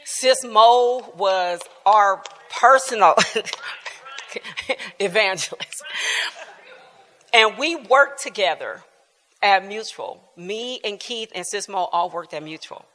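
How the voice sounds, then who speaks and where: Woman, church testimony, casual storytelling, laughing often, bright voice, long church-hall echo. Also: mid-range voice, takes it slowly, long pauses. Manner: colloquial, laughing often, animated. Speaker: church member giving testimony at bible class.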